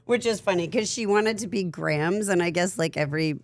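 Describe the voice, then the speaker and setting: A woman's voice: fairly low pitch, a little fast. A middle-aged woman from New England hosting a casual chat, talking in a chatty, self-deprecating way and laughing easily. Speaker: host.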